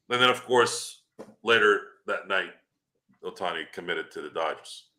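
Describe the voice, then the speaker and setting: Male podcast co-host, tense bright voice, lively storyteller who swears and mimics. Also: mid-range voice, moderate pace. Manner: animated storyteller, swears freely, acts out quoted voices. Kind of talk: casual sports podcast chat.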